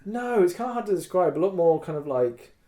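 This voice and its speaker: A fairly high-voiced man tells a rambling story on a podcast. He is animated and loose, leaning on "like" and dropping the odd swear word. He talks in casual chat. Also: brisk. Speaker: podcast co-host.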